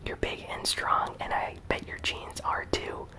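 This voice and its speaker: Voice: measured pace, lightly acted, low-quality recording. A whisperer reading aloud a clingy, moody young alien woman from a game, in whispered role-play. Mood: cooing. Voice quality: soft unvoiced whisper.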